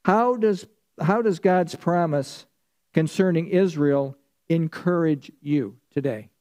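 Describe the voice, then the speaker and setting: Mellow-voiced man teaching a Bible study. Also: a little high, slow. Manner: conversational teaching, asks the class questions and answers them. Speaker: pastor. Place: church.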